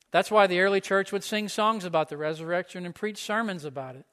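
A man's voice: high voice, steady tone, quick pace, hardly any pauses, fairly bright tone, clean tone. A man pastor preaching a sermon in a church, conversational and often asking the listeners questions. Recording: echoey hall.

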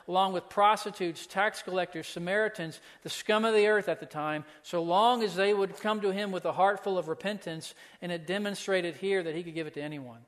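A man preaching a sermon as pastor, earnest, asking the listeners pointed questions. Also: high-pitched. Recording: long hall reverb.

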